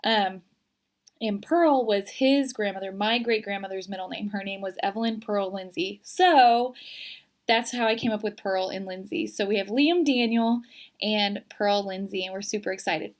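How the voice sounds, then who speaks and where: A woman's voice: medium pitch, moderate pace. A young woman giving a casual, earnest pregnancy update to her viewers. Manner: chatty and earnest, emotional, near tears at the end. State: twenty weeks pregnant. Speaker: vlogger.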